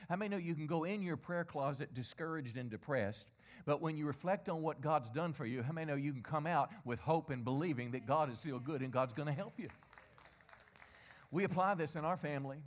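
With some chatter in the background, a middle-aged pastor preaches briskly in a slightly high voice. His sermon feels like conversation, full of rhetorical questions and lines the congregation echoes after him.

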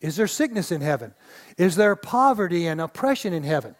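A man's voice: high voice, very animated, brisk. A middle-aged man, an associate pastor, preaching a sermon in a church with folksy storytelling and call-and-response. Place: church sanctuary.

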